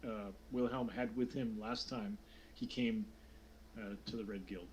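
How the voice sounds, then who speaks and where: A man's voice: on the low side, fairly even intonation, unhurried, a little hiss or hum, low-quality recording. A young man running a tabletop game as game master, talking with many fillers and restarts.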